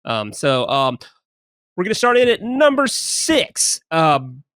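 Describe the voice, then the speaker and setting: A man hosting a casual podcast chat, animated and quick to laugh. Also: on the high side, clean tone, dry recording. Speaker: podcast host.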